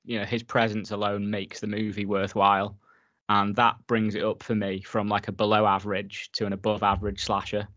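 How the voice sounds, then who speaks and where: Male podcast co-host, low-ish, easygoing, dry muffled sound. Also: brisk, no room sound. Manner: relaxed, laughs often while talking. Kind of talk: casual film review chat.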